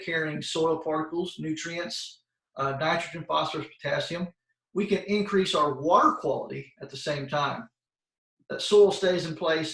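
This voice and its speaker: A man with a slightly high voice gives a plain-spoken, folksy lesson to kids, often pausing on fillers and restarting his sentences. He sounds set back from his microphone on a video call. The room around him echoes. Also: fairly bright tone. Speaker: soil health expert presenting to schoolchildren. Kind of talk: informal educational talk. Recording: roomy sound, voice far from the mic.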